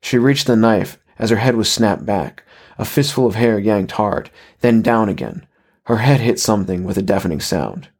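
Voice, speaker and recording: A male narrator reading a horror story aloud, slow and measured. His voice sits low and husky. He tells the story with steady control.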